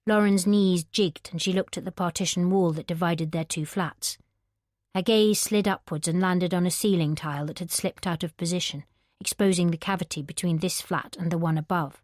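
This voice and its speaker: Female narrator, lowish voice, measured thriller reading, dry booth sound. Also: no room sound. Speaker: audiobook narrator. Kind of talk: scripted narration.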